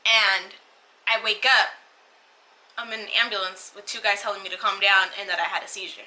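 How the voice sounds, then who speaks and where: A woman's voice: mid-range voice, fairly even intonation, a little fast, sharp tone, low-quality recording. A young woman vlogger telling a personal story in a casual, rambling way, full of fillers and restarts. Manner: emotional, rambling retelling with many fillers and restarts.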